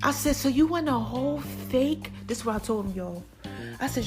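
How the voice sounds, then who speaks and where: High-voiced chatty woman podcast host. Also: moderate pace, music in the background. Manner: chatty, animated, addresses listeners as babies. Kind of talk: casual storytelling monologue.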